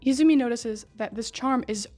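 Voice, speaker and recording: A woman giving a casual, excitable recap of a story, swearing, laughing and talking back to the characters. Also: fairly high pitch, moderate pace.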